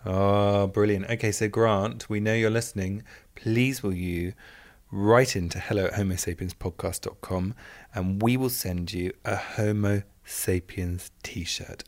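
Man, podcast host, reads listener mail, playful asides, lowish voice, dry close sound. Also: no room sound. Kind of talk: casual podcast chat.

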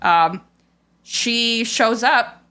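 A woman's voice: on the high side, drawn-out words, sharp tone. A woman hosting a podcast, telling a painful family story in a casual, rambling way, full of "like" and quoted remarks. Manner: rambling, heavy on "like" and "I was like" quotes; raw, frustrated retelling of a painful memory. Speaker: podcast host.

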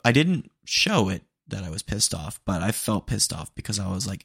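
A young man hosting a solo podcast, telling stories in a rambling, animated way with lots of fillers. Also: fairly low pitch, fairly quick, creaky, hardly any pauses, husky, dry recording, studio quality. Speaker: podcast host. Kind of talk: casual solo podcast monologue.

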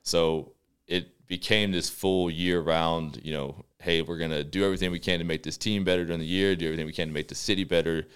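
A man from Texas with a very deep voice speaks in a relaxed, rambling way as a radio guest. His tone is smooth and resonant, with plenty of fillers as he thinks aloud. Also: brisk. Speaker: football quarterback guest. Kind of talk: casual radio interview chat. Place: radio studio.

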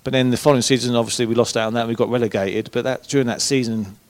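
A man's voice: medium pitch, steady tone, racing, no room sound. A former footballer, a man, telling colloquial, swearing anecdotes as a guest at a live event. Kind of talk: casual live storytelling. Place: event room with a live audience.

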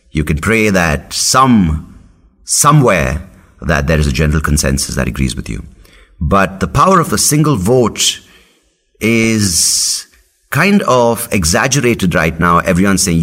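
Brief: young host, extremely deep voice, sarcastic rambling comic monologue. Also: male voice, fairly bright tone. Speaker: podcast host. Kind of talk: comedic monologue.

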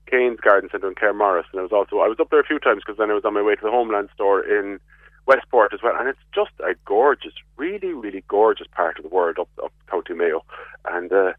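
An Irish gardening expert speaks over a tinny phone line into a radio show. His voice is fairly low, and he often stumbles and repeats words before his answers settle. The line sounds dry and narrow. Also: expressive, fast talker, breathy edge, dry recording. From Ireland. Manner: stammers and repeats words before getting going. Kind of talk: casual radio phone-in chat.

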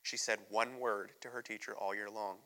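A man's voice: on the low side, fairly even intonation, moderate pace, sharp tone. A man from the United States preaching a candid, emotional sermon as a visiting missionary in a church sanctuary. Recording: long reverb of a church hall.

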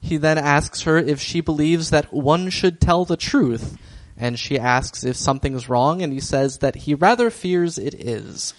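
A man co-hosting a podcast, summarizing a TV episode in relaxed, dry chat. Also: on the high side, unhurried. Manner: easygoing, dry, laughs along. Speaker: podcast co-host recapping a TV episode. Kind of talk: casual chat.

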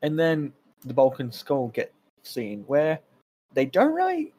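A man's voice: on the high side, huge pitch swings, a little slow, a little mellow. Young guy on a podcast, wry jokey delivery, voice jumps around a lot. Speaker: podcast co-host. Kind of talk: casual chat recapping a show.

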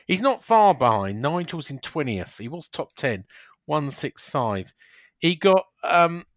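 A man's voice: fairly high pitch, big pitch swings, unhurried, no room sound, clean studio sound. A man hosting a casual football podcast, chatty, running through fixtures and scores. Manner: chatty, reads fixtures and scores, laughs often. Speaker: podcast host.

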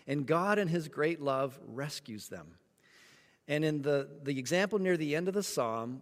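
A man preaching a sermon, telling a story with lively acted-out moments. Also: fairly high pitch, in a large hall. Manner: animated storytelling, acts out voices. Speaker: pastor.

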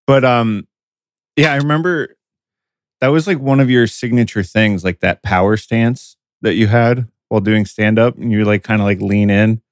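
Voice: mid-range voice, fairly even intonation, moderate pace, no room sound, studio quality. A young podcast host chatting casually with a guest, laid-back and easily amused.

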